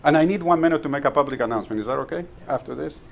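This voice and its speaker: A man with a slightly raised pitch delivers a humorous speech to a live club audience. He tells his stories at an easy pace and chuckles at his own punchlines. He sometimes repeats a word as he restarts a sentence. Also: rapid-fire, gravelly. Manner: storytelling, chuckles at own jokes, repeats words when restarting. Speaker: Toastmasters club speaker.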